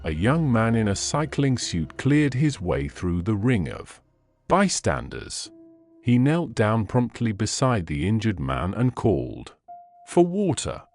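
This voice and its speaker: A man reading a classic short story aloud as an audiobook narrator, measured and expressive. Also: fairly low pitch, faint music behind.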